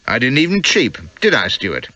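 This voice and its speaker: Male reader doing a jolly callous captain, fortyish, breezy teasing banter, bright lively voice, audiobook. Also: mid-range voice, normal speed, no room sound, voice pushed up, heavily acted. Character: hearty fortyish male adventurer leader, grinning, callous. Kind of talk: audiobook character voice.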